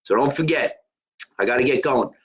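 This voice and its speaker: A man's voice: mid-range voice, moderate pace, slightly rough, low-quality recording. A man hosting his own live stream, chatting casually and joking in a rambling way. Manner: chatty, rambling, joking about being Italian. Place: his home.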